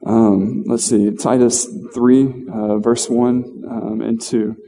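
A man giving an informal, conversational sermon in a church, halting with fillers and restarts. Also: mid-range voice, flat delivery, mellow, big-room sound, slight background noise. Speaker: lay preacher. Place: church hall.

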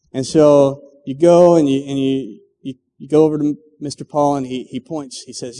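A man's voice: a little high, fairly even intonation, moderate pace, hardly any pauses, warm tone. A middle-aged man preaching a sermon, telling a story full of acted quotes and stumbling restarts. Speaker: pastor. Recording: long hall reverb.

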